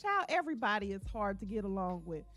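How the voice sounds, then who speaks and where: Over soft background music, a livestream host talks casually with her viewers and reads their comments out loud. Her voice is very animated, fast and a bit bright, and now and then it sinks low.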